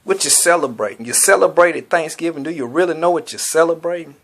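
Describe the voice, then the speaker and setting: Profane guy ranting in AAVE, kinda high voice, asks question after question. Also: quick pace, gravelly, fairly bright tone. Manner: blunt, profane, preachy, rhetorical questions. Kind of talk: profane street monologue.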